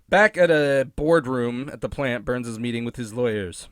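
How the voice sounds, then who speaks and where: A man hosting a comedic episode recap, sarcastic and profane with deadpan asides. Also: mid-range voice, normal speed, few pauses, clean tone, no echo, clean studio sound. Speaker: host.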